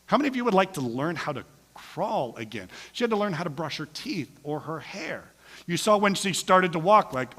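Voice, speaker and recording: A lively male pastor, middle-aged, talks in a bright, forceful, fairly high voice that jumps all over in pitch. He jokes with the congregation and acts out little quoted voices. The sound carries a long church reverb. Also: moderate pace. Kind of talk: casual conversational sermon. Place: church sanctuary.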